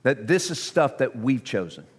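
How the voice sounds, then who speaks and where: A man preaching a sermon to a congregation, swinging from hushed tones to near-shouting. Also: medium pitch, sing-song, normal speed, breathy edge, big-room sound. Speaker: pastor.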